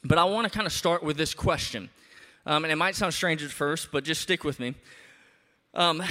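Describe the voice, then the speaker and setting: A man preaching a sermon as a pastor, in an animated, conversational way with emphatic rises. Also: fairly high pitch, quick pace, big-room sound.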